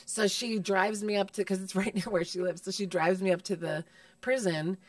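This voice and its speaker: A woman comedian telling profane, animated stories in a casual podcast chat, slipping into put-on voices. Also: medium pitch, moderate pace, dry recording, far from the mic. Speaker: guest comedian.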